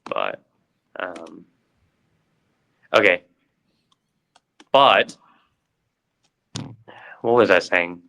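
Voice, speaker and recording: A man's voice: low voice, big pitch swings, drawn-out words, gravelly, pauses often, bright, forceful tone, slight background noise, low-quality recording. A man co-hosting a podcast, telling a story in casual chat with lots of fillers and restarts. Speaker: podcast co-host.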